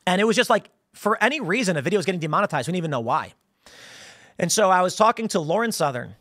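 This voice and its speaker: An American man with a high-pitched voice hosts a casual political commentary monologue. He rambles through animated stories, restarting sentences and laughing as he goes. The sound is dry and close, with no room echo. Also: fast talker. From United States. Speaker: political commentary show host.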